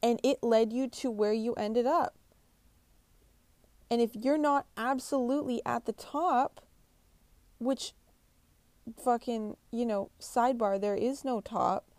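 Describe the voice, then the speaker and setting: A woman's voice: on the high side, slow, pauses often, darkish tone, no room sound. Blunt, foul-mouthed motivational woman. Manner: blunt, swears constantly, pushy pep talk. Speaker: motivational speaker. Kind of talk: profane motivational monologue.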